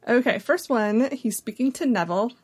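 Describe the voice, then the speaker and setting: A woman's voice: on the high side, lively intonation, normal speed, a little mellow, slightly rough. A woman co-hosting a podcast in casual chat, bubbly and self-deprecating with frequent giggles. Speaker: podcast co-host.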